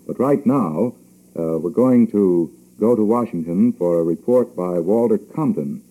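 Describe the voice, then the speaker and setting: A man announcing on 1940s radio, steady and plain as he hands over to a correspondent. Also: lowish voice, a little slow, poor audio. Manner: steady, plain on-air delivery.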